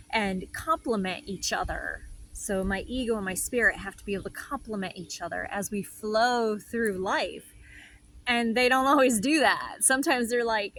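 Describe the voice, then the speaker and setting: A woman hosting a reflective inspirational talk as a spiritual healer, soft, meandering and heartfelt. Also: medium pitch, low-quality recording.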